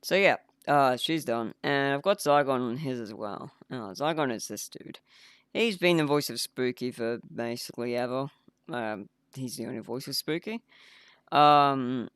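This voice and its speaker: A man's voice: medium pitch, fairly bright tone, clear, resonant tone, no echo, clean studio sound. A man rambling casually on a game development livestream, laughing at himself as he clicks through files. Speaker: indie game developer streaming.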